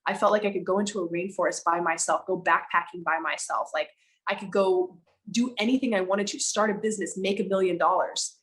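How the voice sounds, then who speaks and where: A woman speaking candidly as a podcast guest, animated and emphatic, slowing down to stress her words and now and then swearing for emphasis. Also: on the low side, rough recording. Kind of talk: candid conversational storytelling.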